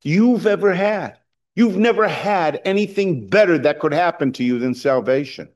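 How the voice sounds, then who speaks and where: A middle-aged man preaching a sermon, talking conversationally with fillers and restarts, building to loud emphatic points. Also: a little high, animated, moderate pace. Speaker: pastor.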